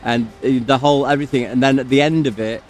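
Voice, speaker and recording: A man's voice: medium pitch, steady tone, quick pace, faint music behind. A man telling a long personal story while he plays a game, rambling with plenty of fillers and breaking off to comment on what happens on screen. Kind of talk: casual storytelling over gameplay.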